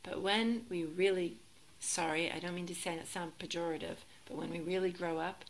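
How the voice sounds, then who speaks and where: A woman teaching as a Zen teacher in a relaxed, reflective dharma talk, gently self-deprecating and sometimes laughing. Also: lowish voice, normal speed, low-quality recording.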